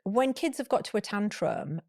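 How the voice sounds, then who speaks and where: A woman, a parenting coach explaining things calmly and with empathy on a podcast. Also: medium pitch, normal speed, vocal fry, no room sound, studio quality. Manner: calm, empathetic, explanatory with restarts. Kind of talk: advice conversation on a podcast.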